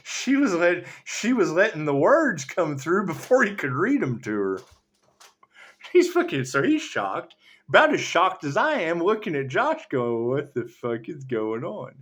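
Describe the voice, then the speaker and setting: Male tarot reader, rambling spiritual monologue, higher-pitched, lively swoops, cusses and laughs constantly. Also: a little slow. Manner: profane, laughs often, swings between loud and muttered.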